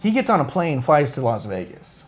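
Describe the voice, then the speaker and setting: A man's voice: fairly high pitch, big pitch swings, moderate pace. A man hosting a live podcast in casual chat, rambling through an anecdote with lots of swearing and acting out the quoted lines. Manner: acts out quoted dialogue with shifting voices. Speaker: podcast host.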